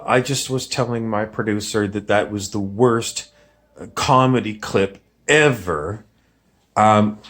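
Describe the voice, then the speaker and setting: A man hosting a comedy bit, casually reviewing his own sketch in animated, self-mocking bursts. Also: medium pitch. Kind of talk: casual comedy post-mortem.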